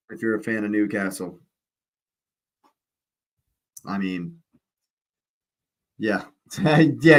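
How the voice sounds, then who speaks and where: A man with a mid-range, slightly bright voice hosts a football watch-along. He calls the play live in a chatty, casual style, full of exclamations and slangy asides.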